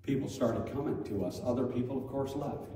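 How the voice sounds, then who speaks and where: Middle-aged male preacher, storytelling sermon, animated, distant mic in a roomy church hall. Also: medium pitch, brisk, a little hiss or hum. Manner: animated, acts out quoted voices loudly. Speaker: Sunday school teacher. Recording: echoey hall from far off.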